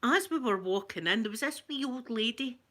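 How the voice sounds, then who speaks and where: A Scottish woman tells a story in a casual, animated way, laughing easily. Her voice sits a touch high with a bright, sharp edge. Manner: animated, chatty, quick to laugh. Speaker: ASMR channel host.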